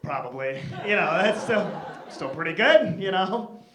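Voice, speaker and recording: A man doing a dry, wry stand-up set on a club stage, tossing off quick asides. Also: sits high, lively intonation, noisy background. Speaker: stand-up comedian. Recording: echoey live room with audible crowd.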